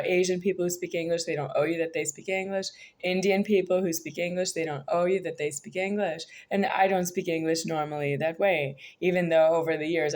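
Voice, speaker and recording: An American woman talking to her viewers in a rambling, halting monologue full of hesitations. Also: on the low side. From United States. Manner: halting, disjointed, many hesitations. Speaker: vlogger.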